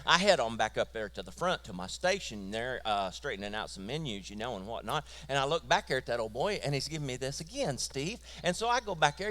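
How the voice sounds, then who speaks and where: A middle-aged man with a Southern US accent, telling stand-up jokes in a folksy way and landing his punchlines deadpan. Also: mid-range voice, brisk, hardly any pauses. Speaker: comedian.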